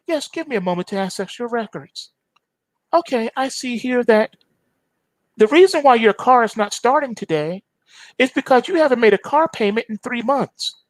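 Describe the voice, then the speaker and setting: A man's voice: very high voice, lively intonation, normal speed, no room sound, pitched above the performer's own voice. A man voicing a female AI customer service agent in a smug, scripted, politely robotic manner. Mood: prim.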